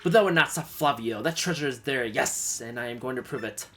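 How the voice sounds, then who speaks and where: A man's voice: medium pitch, brisk, sharp tone, a little hiss or hum, natural voice. A man voicing a pompous, flamboyant male trader who talks in a grand, theatrical way. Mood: grandiose. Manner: grandiose, dramatic, self-praising.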